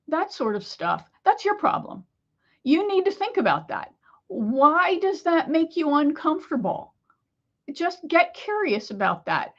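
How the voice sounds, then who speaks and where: A woman business coach talking to camera, telling a client story with animated, lively asides. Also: sits high, highs cut off. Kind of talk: solo talk to camera.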